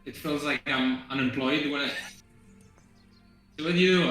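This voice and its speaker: A game developer for whom is a chats casually on a stream, stopping and repeating words as he hunts for phrasing. His voice is very bright and forward. The sound carries a noticeable room echo. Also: medium pitch, faint music behind. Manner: halting, restarts and repeats words, chuckles often. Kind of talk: casual chat on a dev stream. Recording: echoey room.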